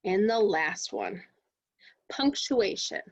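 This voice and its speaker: A woman teaching a kindergarten reading lesson to children in an expressive, sing-song way. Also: mid-range voice, slow, dry recording.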